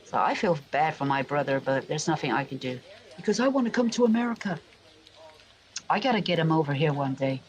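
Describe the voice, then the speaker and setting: A man's voice: on the high side, expressive, a little fast, rough recording. A man from England telling rambling family stories, full of restarts and asides. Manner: meandering, frequent restarts and asides. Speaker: vlogger. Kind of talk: rambling personal storytelling.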